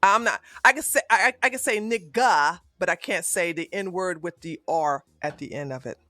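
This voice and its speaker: A woman's voice: on the low side, normal speed, bright, forceful tone, no echo. A woman streamer giving heated live-stream commentary in a profane, fiery rant, recorded at a home streaming setup.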